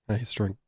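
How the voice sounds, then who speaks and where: Swearing man reacting to anime, dry sound. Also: no echo. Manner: swings from hushed muttering to loud swearing outbursts. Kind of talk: live reaction commentary.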